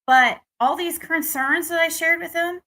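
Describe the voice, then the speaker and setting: Her voice is very high, bright and forceful, yet she takes her time. The speaker is a young woman vlogger from the United States, telling viewers a rambling dating story with false starts and frustrated rants.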